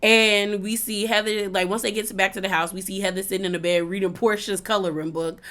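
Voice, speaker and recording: A woman's voice: medium pitch, fairly even intonation, fairly quick, a bit bright. A woman giving a casual, chatty recap of a reality TV episode, peppering her talk with "like" and acting out what the cast said. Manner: chatty, heavy use of "like", acts out quotes.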